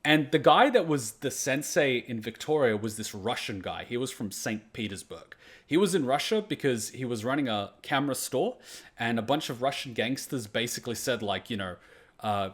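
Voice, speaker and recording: A man, casually telling a story in an animated way, swearing freely and dropping lots of fillers. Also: mid-range voice, moderate pace. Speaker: reaction channel host.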